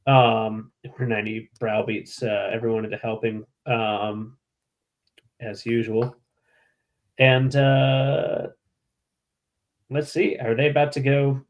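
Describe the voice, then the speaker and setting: Male podcast co-host, mid pitch, deadpan provocative humor, casual recap. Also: slow, pauses often, highs cut off. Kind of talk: casual chat.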